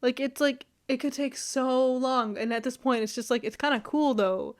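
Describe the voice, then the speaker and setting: A woman's voice: high-pitched, normal speed. A young woman vlogging in a loose, rambling chat, full of fillers, easy laughs and casual swearing.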